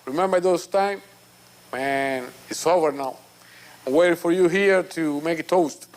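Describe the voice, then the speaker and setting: A man's voice: on the high side, unhurried. A man recording a casual, affectionate video message to an old friend he knew in prison. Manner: warm, affectionate, switches into doting baby talk. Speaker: former prisoner sending a video greeting.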